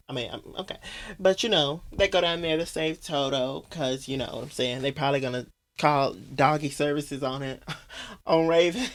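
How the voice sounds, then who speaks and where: A sassy podcast host rips through a recap of a throwback movie, roasting the characters with crude jokes and laughing often. His delivery is loose and conversational in a middle register, profane and mocking throughout.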